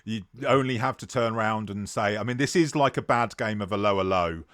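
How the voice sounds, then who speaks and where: A man running a tabletop role-playing game as game master, narrating scenes in an unhurried way with many fillers. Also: on the low side, a bit bright.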